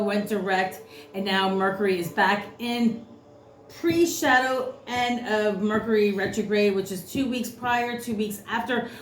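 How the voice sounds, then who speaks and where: A woman giving an unscripted tarot reading, ranting bluntly and cursing freely. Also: medium pitch. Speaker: tarot reader. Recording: roomy echo, faint noise.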